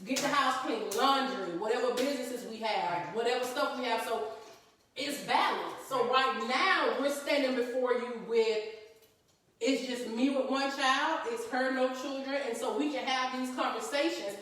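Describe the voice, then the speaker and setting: Brief: high-pitched woman co-host, lively, laughing, heard from a distance in an echoey space. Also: moderate pace. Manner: animated, laughs often, acts out friends' voices. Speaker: co-host of live talk stream. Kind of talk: casual chat to a live audience.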